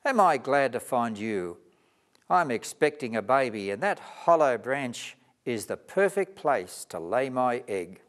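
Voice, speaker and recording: A man's voice: mid-range voice, very animated, measured pace, fairly bright tone. A man voicing a chatty mother galah. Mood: friendly. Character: chatty female galah bird, expecting a chick.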